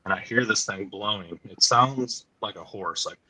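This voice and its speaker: A man telling a woodland encounter story on a podcast, halting and full of fillers, sometimes choked up and dropping quiet. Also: on the low side, dry recording, poor audio. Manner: halting, frequent "like" fillers, drops to quiet asides.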